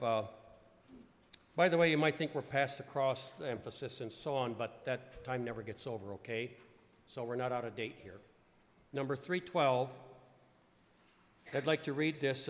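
A man leading a church service, talking in loose, self-interrupting asides and reading scripture aloud. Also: mid-range voice. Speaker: preacher. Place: church sanctuary. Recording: echoey church hall.

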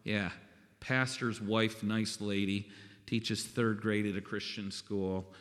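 A man's voice: on the low side, level tone, takes it slowly, a bit bright. A man preaching a sermon in a folksy, conversational way, often checking in with "okay?". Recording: long reverb of a large hall.

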